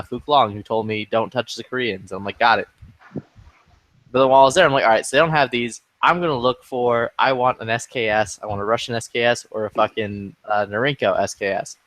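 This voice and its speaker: A man's voice: mid-range voice, fast, few pauses, fairly bright tone, no room sound. A man in a casual online voice chat, telling rambling, profane stories. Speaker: gamer in voice chat.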